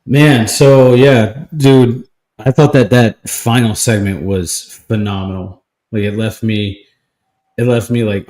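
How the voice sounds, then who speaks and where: A man's voice: lowish voice, fairly even intonation, slow pace, a little mellow. A man co-hosting a podcast in casual, enthusiastic chat, saying dude and like. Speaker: podcast co-host. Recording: roomy echo.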